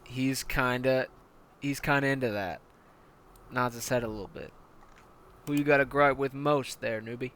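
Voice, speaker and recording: Brutal male tank commander, played by a man: contemptuous, barking, profane, with a sharp, forceful edge. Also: mid-range voice, moderate pace, long pauses, a little hiss or hum, close to an everyday voice. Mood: menacing.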